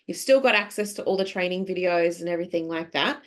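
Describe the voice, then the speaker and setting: Talking quickly in a lower voice, an Australian woman hosts a relaxed interview podcast, keeping things chatty and supportive with ready laughter.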